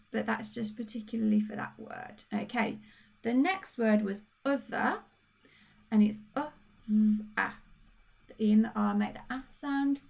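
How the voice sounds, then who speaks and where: Here a female primary teacher from Birmingham works through a phonics lesson for young kids, slow, patient and encouraging as she spells out each sound. She has a slightly high, creaky, somewhat mellow voice and a Brummie accent.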